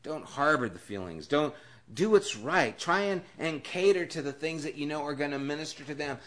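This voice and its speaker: A man teaching a Bible study as a pastor in a conversational sermon, telling stories and shifting from hushed and low to loud and emphatic. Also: expressive, normal speed.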